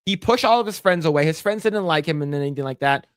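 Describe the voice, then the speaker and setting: A man co-hosting a casual podcast, talking bluntly and profanely with lively storytelling. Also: on the high side, quick pace, smooth, no room sound, clean studio sound. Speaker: podcast co-host.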